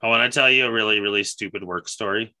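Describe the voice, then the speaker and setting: A man's voice: lowish voice, fast, bright, forceful tone, no echo. A man co-hosting a podcast in casual chat, swearing freely and laughing as he tells stories. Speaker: podcast co-host.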